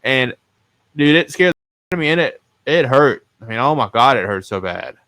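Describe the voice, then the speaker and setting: A man's voice: mid-range voice, expressive, moderate pace, a bit bright. A man hosting a podcast, telling stories in a casual, rambling, self-mocking way and swearing freely. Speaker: podcast host.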